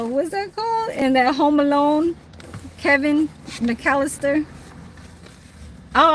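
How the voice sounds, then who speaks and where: A woman's voice: high-pitched, fairly bright tone, a little hiss or hum, low-quality recording. A woman chatting on a livestream in a rambling, swearing way, with many fillers and restarts. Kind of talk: casual livestream chat.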